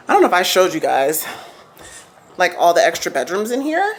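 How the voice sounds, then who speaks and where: A woman's voice: fairly low pitch, huge pitch swings, a little fast, slight background noise. A woman, chatting casually to viewers in her vlog. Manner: chatty, addresses viewers as y'all. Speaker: vlogger.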